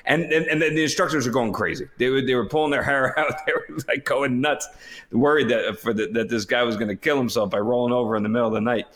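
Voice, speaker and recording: A man co-hosting a podcast tells stories in a relaxed, animated way. He laughs often while he talks. His speech is casual and unscripted. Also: medium pitch, fast. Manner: animated anecdote teller who laughs often. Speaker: podcast co-host. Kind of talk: casual storytelling chat.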